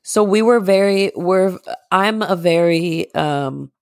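A woman co-hosts a casual podcast, her voice gravelly with vocal fry. She rambles through animated stories and laughs often. The sound is dry and close. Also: on the low side, slow, no echo. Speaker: podcast co-host. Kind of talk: casual chat.

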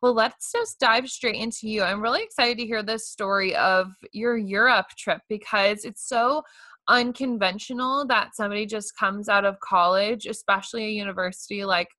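Bright upbeat young woman host. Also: medium pitch, steady tone, normal speed, no room sound. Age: young adult. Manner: upbeat, laughs often. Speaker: podcast host. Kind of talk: casual interview chat.

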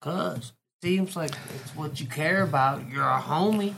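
A woman's voice: low voice, unhurried, gravelly, fairly bright tone, slight background noise. A woman co-hosting a podcast, talking bluntly in slang and repeating her questions. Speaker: podcast co-host. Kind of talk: casual chat.

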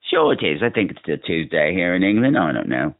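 A campy, theatrical American man tells a sweary story down a phone line into his own voicemail. His pitch leaps and dives all over the place. The sound is thin and dry, like a cheap phone call. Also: sing-song, fairly quick, dry recording. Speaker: podcast host.

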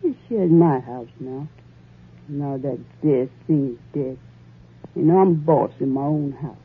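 Husky backwoods wife, bossy and mean, drawly talk, tinny old radio. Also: female voice, extremely low pitch, slow, heavily acted. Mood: defiant. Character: coarse, defiant young rural wife, cruel and bossy. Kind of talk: old-time radio drama acting.

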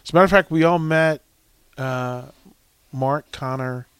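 A man's voice: medium pitch, measured pace, clean tone, no echo. A middle-aged man hosting on radio, telling stories casually in a rambling way and laughing often. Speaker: radio host. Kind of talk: casual on-air chat. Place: radio studio. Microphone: studio microphone.

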